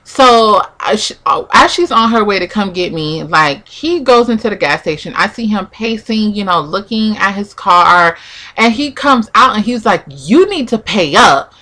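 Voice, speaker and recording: A woman's voice: mid-range voice, lively intonation, normal speed, bright, forceful tone. A young woman vlogger telling a personal story in a chatty, casual way, full of "like" and acted-out quotes. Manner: chatty, peppered with "like", acts out quotes.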